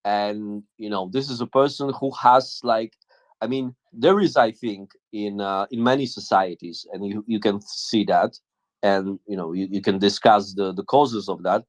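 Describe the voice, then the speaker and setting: Halting low-voiced man thinking aloud. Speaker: co-host. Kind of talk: casual chat on a live audio room.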